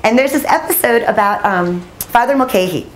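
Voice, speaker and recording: A woman's voice: a little high, animated, moderate pace, slight background noise. A woman in her forties, a journalist giving a storytelling talk to a room of listeners, chatty and self-deprecating, laughing often. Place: audience room.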